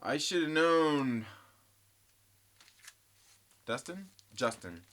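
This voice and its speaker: A man's voice: on the high side, animated, extremely slow, fairly bright tone. A man hosting a comic book channel, chatting casually and rambling, joking and teasing and addressing viewers as guys. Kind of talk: casual rambling vlog chat.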